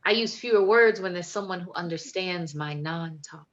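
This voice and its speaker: A woman's voice: lowish voice, normal speed, a bit bright, lo-fi sound. A woman poet reading her poems with emphatic, playful delivery and chatting between them over a video call. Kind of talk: poetry reading and chat.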